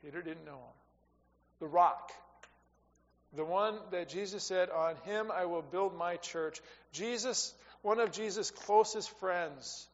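A man giving a sermon as a pastor, talking conversationally, rising for emphasis and dropping to quiet asides. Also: high voice, slow. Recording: dull sound with long reverb in a hall.

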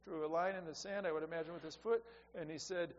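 A middle-aged male pastor with a high-pitched voice preaches an earnest sermon, repeating key phrases and swinging from soft to loud. The sound is dull and lo-fi, with a long reverb trailing off the walls of a church and a faint hum underneath. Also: steady tone, fast talker. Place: church sanctuary.

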